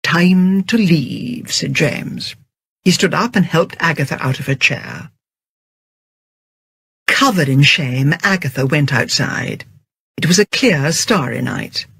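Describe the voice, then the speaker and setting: An audiobook narrator tells the story in a steady, even manner. The voice is husky and gravelly with plenty of creak. The studio microphone sits close in a dry, dead booth. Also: mid-range voice, a little slow, long pauses, dry recording.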